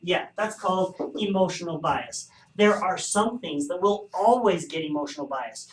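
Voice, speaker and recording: High-pitched and animated, a man speaking at a normal pace teaches statistics, walking through survey bias with wry humor. The lecture was recorded from a distance in an echoey room.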